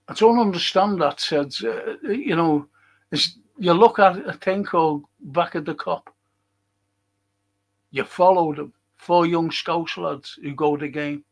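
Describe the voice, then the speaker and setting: A man hosts a casual livestream, reading viewer comments aloud and reacting in a blunt, sweary rant. His voice is gravelly and sits a little high for a man. He talks slowly, taking his time over every point. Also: poor audio. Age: older.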